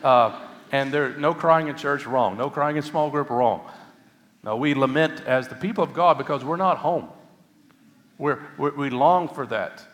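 A pastor delivers a sermon in an earnest, conversational way with touches of humor. His voice sits a little high with a fairly bright tone, and the sound carries the echo of a big room.

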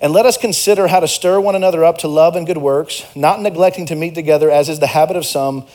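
Talking fast in a slightly high, a little mellow voice, a young pastor preaches in a church sanctuary. His sermon is earnest and conversational, mixing personal anecdotes with emphatic exhortations.

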